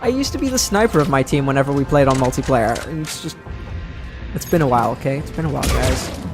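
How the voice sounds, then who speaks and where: A man's voice: medium pitch, lively intonation, fast talker. A man casually commenting as he plays a video game, chatty and self-deprecating, with game music behind him. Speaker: let's play host. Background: game music and sound.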